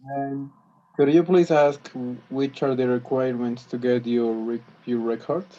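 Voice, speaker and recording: A man learning English, practicing polite requests and often pausing to search for words. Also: medium pitch, little pitch movement, mellow, lo-fi sound, faint music behind. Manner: hesitant, restarts, searches for words. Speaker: English student.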